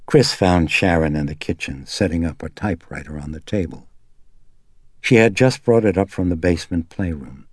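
Male audiobook narrator, steady dramatic read, low husky voice. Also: moderate pace, no echo, clean studio sound. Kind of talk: scripted narration.

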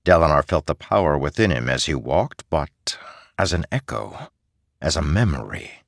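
A man reading an audiobook in an expressive narration style. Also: a bass voice, normal speed, gravelly, dry recording, studio quality. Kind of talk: scripted narration.

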